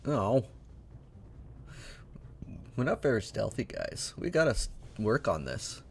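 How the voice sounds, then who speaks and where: A man's voice: mid-range voice, big pitch swings, slow pace, gravelly. A man giving casual, self-deprecating gameplay commentary with mumbled asides while playing. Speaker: let's play gamer.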